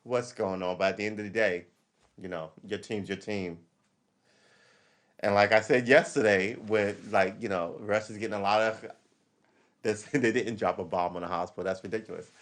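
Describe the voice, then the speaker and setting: A man's voice: on the low side, steady tone, moderate pace. A man hosting a live stream, rambling through casual commentary, correcting himself and reading the chat aloud.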